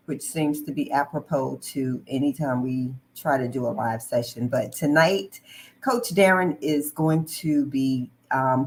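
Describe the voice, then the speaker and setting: Her voice extremely low and a little mellow, a woman runs a live online talk show in a friendly manner, filling her speech with "um"s. She greets viewers in the middle of sentences. The recording is rough, with a faint hiss or hum.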